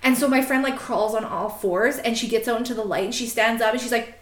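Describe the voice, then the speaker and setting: A woman on a podcast telling a story in a casual, animated way, swearing freely and laughing often. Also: on the high side, normal speed, reverberant. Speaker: podcast host.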